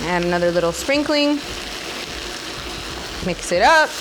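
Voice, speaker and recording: A woman's voice: fairly low pitch, lively intonation, unhurried, background noise. Bubbly woman chatting through a cooking vlog. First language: Spanish. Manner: chatty, bubbly, jokey asides. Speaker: cooking channel host. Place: home kitchen, food sizzling.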